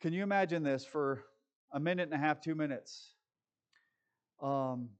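Male pastor, higher voice, impassioned and sarcastic in casual commentary. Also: normal speed, clear, resonant tone, highs cut off.

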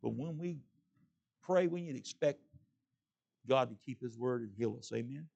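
In a lo-fi recording, a middle-aged man preaches at a moderate pace with a medium-pitched voice that is gravelly and a little mellow. He is a pastor with a folksy, plain-spoken style who frequently asks the congregation "amen?".

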